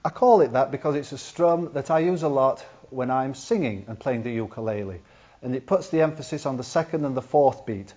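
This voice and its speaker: A mid-range, dark-toned man speaks briskly in a ukulele lesson, demonstrating step by step with patience and counting beats aloud. The slightly dull lo-fi video has ukulele playing in the background.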